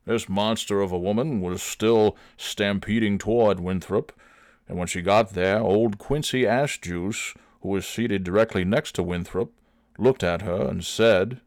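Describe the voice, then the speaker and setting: A man hosting a comedy show, telling a crude story deadpan and chatting casually with profanity. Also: deep voice, moderate pace, no echo, clean studio sound.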